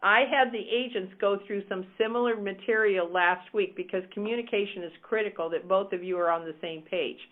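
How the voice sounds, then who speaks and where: A woman's voice: mid-range voice, fairly even intonation, brisk, few pauses. Woman coach, emphatic and upbeat, teaching over a thin, phone-like line. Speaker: real estate team coach.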